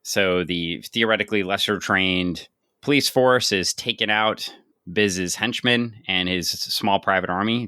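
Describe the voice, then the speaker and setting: A man's voice: fairly low pitch, sharp tone, smooth, dry recording, clean studio sound. A man co-hosting a casual comic-book podcast, recapping the plot with wry, sarcastic asides. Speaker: podcast co-host.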